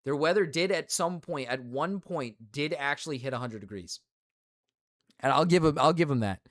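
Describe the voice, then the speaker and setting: A man's voice: fairly high pitch, animated, normal speed, a bit bright, no echo, clean studio sound. A young man streaming live, ranting casually with lots of swearing and repeated phrases. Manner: ranting, profane, repeats himself. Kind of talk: casual livestream rant.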